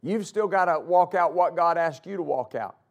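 Male pastor mid-sermon; raised pitch, emphatic delivery with repeated phrases and loud-soft swings. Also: moderate pace. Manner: emphatic, repeats phrases for stress, rises and drops loudness.

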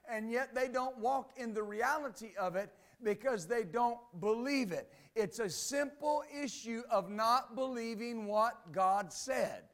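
High-pitched male pastor preaching, reads the scripture then hammers it home, lots of amens. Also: a bit bright. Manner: emphatic, repeats "Amen" and "believe that". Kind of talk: sermon.

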